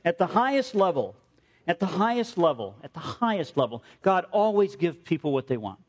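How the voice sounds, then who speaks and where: A man preaching a sermon, telling stories in an animated way and often repeating phrases. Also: on the high side, normal speed. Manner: animated storytelling, repeats himself.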